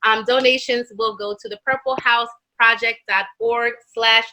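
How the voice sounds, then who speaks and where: A woman's voice: fairly high pitch, steady tone, normal speed, pushed and bright, poor audio. Casual woman hosting a virtual comedy show. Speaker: host. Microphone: video call.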